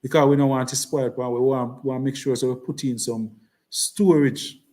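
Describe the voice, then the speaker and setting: A political speaker with a Jamaican accent delivers an impassioned campaign speech, repeating himself and slipping into patois. His medium-pitched, dark-toned voice moves briskly with fairly even intonation.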